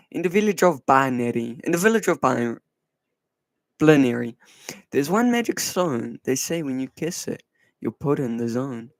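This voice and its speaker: A man's voice: mid-range voice, expressive, normal speed, no room sound, rough recording. A man live-streaming in a casual chat, reading silly children's rhymes aloud in a playful, singsong way. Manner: playful, giggly, reads verse in a singsong way.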